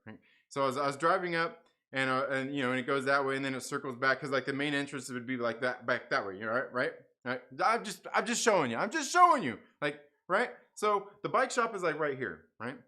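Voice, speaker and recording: Animated, bright-voiced man telling a story. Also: mid-range voice, a little fast. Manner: animated, repetitive, acts out voices in his story; casual, with mild swearing. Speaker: channel host. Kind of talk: rambling livestream storytelling.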